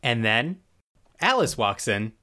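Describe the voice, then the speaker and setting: A man's voice: medium pitch, big pitch swings, slow, bright, forceful tone. A man in casual podcast chat, loosely retelling a TV episode with restarts and asides. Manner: loose, rambling storyteller with restarts. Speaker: podcast co-host.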